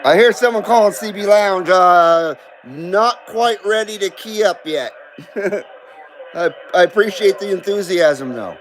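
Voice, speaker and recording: Host: relaxed, profane, high-pitched man greeting viewers one by one, faint hiss behind. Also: unhurried, low-quality recording. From Southern California. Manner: laid-back, profane, greets viewers by name. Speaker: host of a live CB radio stream. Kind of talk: casual live-stream chat greeting viewers. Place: home in Carson City.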